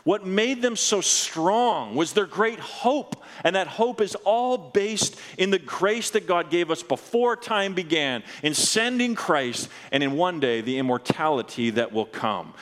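A man's voice: animated, fairly bright tone. Earnest preacher man in a reverberant hall. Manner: earnest storytelling preacher, drops low and slow for solemn moments. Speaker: pastor. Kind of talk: sermon.

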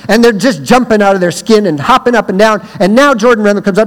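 A man giving a sermon as a guest speaker, telling a story and breaking into loud shouted quotes. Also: sits high, quick pace. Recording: reverberant hall.

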